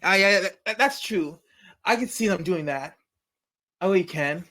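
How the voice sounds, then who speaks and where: A man's voice: high-pitched, expressive, a little slow, bright, forceful tone. A man hosting a comedy news segment, reading jokes with frequent stumbles and self-corrections. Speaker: comedy show host.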